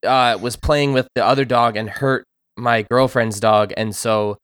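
A mid-pitched man chatting on a podcast about a video game. He talks in an animated way, laughs often, and slips into quick villain impressions. The sound is dry and close. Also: smooth, no room sound. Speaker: podcast co-host. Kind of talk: casual chat.

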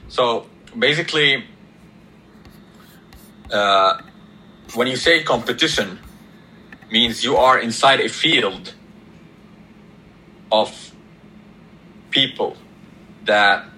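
A man in a reflective podcast conversation, explaining ideas slowly with pauses between words. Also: medium pitch, sharp tone, a little hiss or hum, rough recording. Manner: slow, deliberate, pausing between words, explaining step by step. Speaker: podcast guest or host.

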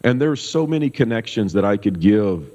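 A middle-aged pastor from Kansas telling a personal story in a loose, animated way, full of fillers. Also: male voice, lowish voice, moderate pace. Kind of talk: casual storytelling testimony. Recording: dull sound with long hall reverb.

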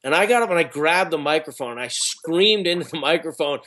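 A man's voice: fairly high pitch, expressive, fairly quick, fairly bright tone. A middle-aged man who is an actor and speaker, telling stories in a rambling, casual way, full of restarts and fillers. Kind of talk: casual interview talk.

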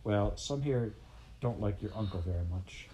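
A man putting on a kind young girl rabbit who explains things patiently. Her voice stays gentle and hushed throughout. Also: on the low side, animated, moderate pace, slight background noise, lightly acted, rough recording.

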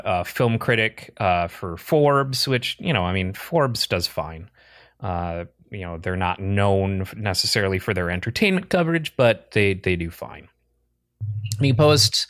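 Blunt, excitable man chatting. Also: on the low side, dry recording, clean studio sound. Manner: excitable, blunt, swears freely. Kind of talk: casual chat.

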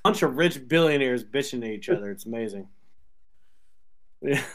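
A man co-hosting a sports podcast, telling stories in animated, profane banter and laughing often. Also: medium pitch, normal speed. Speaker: podcast co-host. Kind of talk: casual sports chat.

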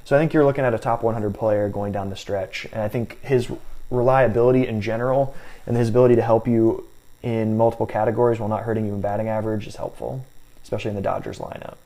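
A man's voice: on the low side, steady tone, mellow. Man talking fantasy baseball stats. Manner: hedging, restarts, stat-heavy, measured. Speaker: fantasy baseball podcast co-host. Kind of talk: casual analytical sports chat.

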